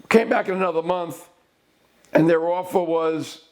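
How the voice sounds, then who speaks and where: High-voiced man telling a case story. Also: darkish tone. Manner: deliberate, broken into short phrases, with slowed emphasis. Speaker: lawyer. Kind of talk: recounting a past case.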